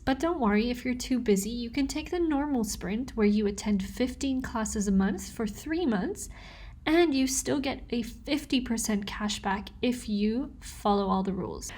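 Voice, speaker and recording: A young woman chatting to camera about language learning, upbeat and quick to laugh. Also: on the high side, echoey room. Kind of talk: casual talk to camera. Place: room indoors in Singapore during a thunderstorm.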